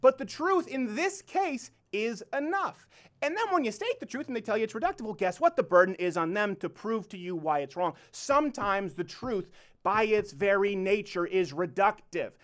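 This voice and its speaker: A man's voice: high-pitched, expressive, normal speed, fairly bright tone. A male host delivering an emphatic closing monologue rant, hammering home his points with repeated rhetorical questions.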